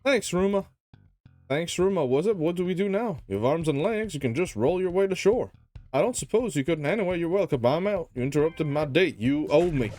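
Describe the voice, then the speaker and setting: A man reading game lines puts on a snarky, bickering adventurer with a raised, sarcastic voice. The lines come in quick jabs, mocking and impatient. Faint music sits underneath. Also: a little high, expressive, darkish tone, dry recording, pitched above the performer's own voice, close to an everyday voice.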